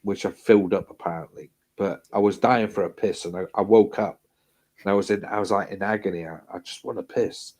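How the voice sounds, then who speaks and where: Low-voiced man telling a rowdy story. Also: steady tone, brisk, darkish tone. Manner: swears freely, repeats himself, acts out quotes. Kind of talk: casual storytelling.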